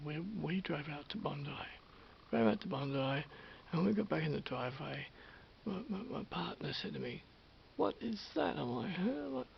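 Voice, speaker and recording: An Australian man with a very gravelly, fairly high voice recounts a neighbour feud in a casual vlog, swearing and whispering asides. The recording is dull and lo-fi, with a faint hiss underneath. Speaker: vlogger. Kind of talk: casual storytelling to camera.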